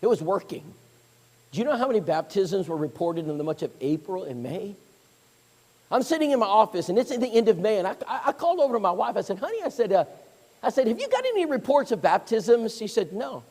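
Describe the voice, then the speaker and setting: This man talks fast in a high voice while preaching, weaving stories and impersonating the people he quotes with lively energy. The sermon is captured with long reverb from the hall.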